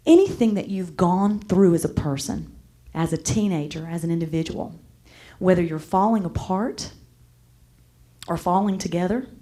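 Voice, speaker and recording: With a rather low voice, a woman working as a motivational speaker tells a live audience a story, her lively delivery swinging between loud and soft.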